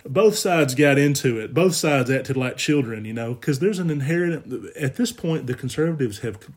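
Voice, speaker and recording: Guy from alabama ranting about politics, sarcastic, animated, regular mid voice. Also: medium pitch. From Alabama, USA. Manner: animated, sarcastic, mocks others in quoted voices. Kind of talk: casual political rant.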